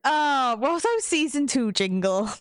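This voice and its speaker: A woman's voice: high voice, lively intonation, measured pace, no echo, clean studio sound. A young woman co-hosting a casual podcast chat, wry and self-deprecating. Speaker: podcast co-host.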